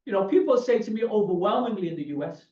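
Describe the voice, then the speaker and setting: A man's voice: high voice, expressive, quick pace, warm tone, distant mic. A man from Liverpool with a Liverpool accent, a scholar answering a question in a talk, telling anecdotes with many restarts. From Liverpool, England. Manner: digressive, anecdotal, frequent restarts. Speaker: guest speaker, scholar. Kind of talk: conversational Q&A answer. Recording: dull, roomy audio from afar.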